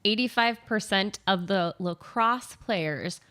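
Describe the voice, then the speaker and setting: A woman's voice: medium pitch, slow pace, bright, forceful tone, smooth. A woman co-hosting a radio show, chatting casually with an amused, easygoing manner. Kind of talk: casual chat.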